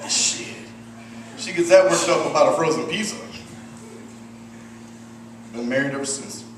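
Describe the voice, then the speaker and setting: Profane deadpan stand-up man, distant club. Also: on the high side, a little slow, a little hiss or hum. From Michigan. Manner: deadpan, profane, self-deprecating asides. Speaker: stand-up comedian. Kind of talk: stand-up comedy set. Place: comedy club stage with audience. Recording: roomy distant club recording, loud ambience.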